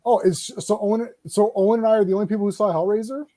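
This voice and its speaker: A man hosting a casual online horror discussion, talking excitedly with lots of laughter. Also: sits high, racing. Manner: excited, laughing, acts out scenes. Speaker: stream host. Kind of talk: casual chat about horror shows.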